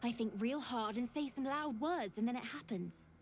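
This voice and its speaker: A woman's voice: on the high side, moderate pace, a little hiss or hum, lightly acted. A woman playing a plucky young girl. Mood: earnest. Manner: folksy, rustic speech. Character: earnest orphaned young girl, plucky and hopeful. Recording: dull game audio capture.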